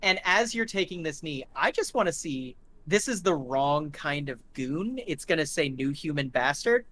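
A man's voice: fairly high pitch, expressive, normal speed, bright, forceful tone, slight background noise. A man running a tabletop game as game master. He paints gory scenes in vivid detail, full of fillers and restarts.

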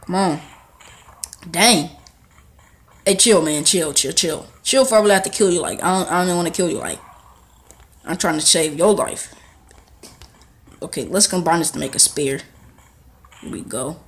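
Excitable young man narrating gameplay. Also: fairly high pitch, moderate pace, long pauses. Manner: excitable, talks back to game characters. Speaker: gaming channel host. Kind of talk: casual gameplay commentary.

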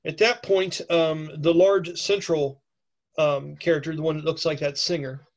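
A man's voice: on the high side, little pitch movement, moderate pace. A man with a cold narrating a tabletop game as game master in a chatty way. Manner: chatty, with many fillers and okays. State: has a cold.

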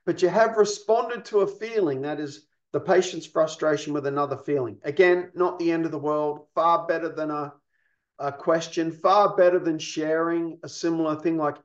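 A man's voice: a little high, moderate pace. A man giving a recorded training lesson on pastoral care, explaining patiently and asking rhetorical questions. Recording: echoey, dull lo-fi.

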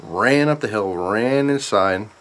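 A man vlogger casually telling a story, rambling and animated, with lots of asides to the viewers. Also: lowish voice, slow.

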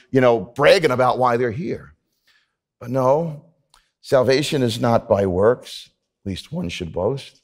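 A middle-aged male pastor preaching to a church congregation, his voice pitched a little high. He moves between easy, chatty asides and rising, emphatic delivery. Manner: conversational, building to emphatic preaching. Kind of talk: sermon. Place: church service.

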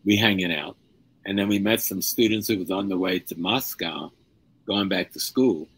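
Husky deep-voiced older man telling a story. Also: normal speed, rough recording. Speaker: guest speaker. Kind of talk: storytelling in a live-streamed conversation.

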